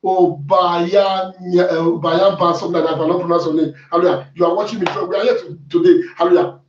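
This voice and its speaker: A Nigerian man preaching a fervent sermon as pastor, shouting at times and repeating hallelujah. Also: sits high, fairly even intonation, fast, slight background noise. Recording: echoey room, distant mic, dull sound.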